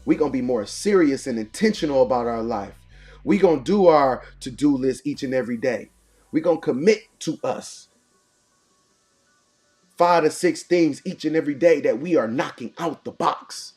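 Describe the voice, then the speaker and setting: A man's voice: medium pitch, animated, normal speed, a little mellow, faint music behind. Preachy motivational man, punchy cadence. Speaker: motivational morning show host. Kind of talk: motivational talk.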